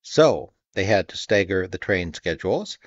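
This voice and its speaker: Measured male audiobook narrator, low and dry. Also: big pitch swings, no echo, lo-fi sound. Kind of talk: scripted narration.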